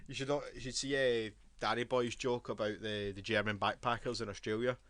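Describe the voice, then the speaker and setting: A man's voice: fairly low pitch, steady tone, brisk, fairly bright tone, no room sound. A young Scottish man co-hosting a podcast who talks bluntly, swears freely and laughs often. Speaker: podcast co-host. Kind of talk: casual wrestling banter.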